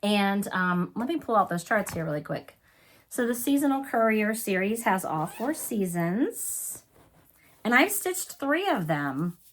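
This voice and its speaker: Her medium-pitched voice is very animated yet measured in pace as she hosts a casual show-and-tell cross-stitch video. Coughing through a sore throat, she keeps apologizing and raves about her finished pieces.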